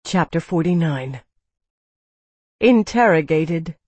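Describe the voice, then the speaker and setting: An audiobook reader narrating a story in the first person, calm and steady. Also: mid-range voice, measured pace, no echo.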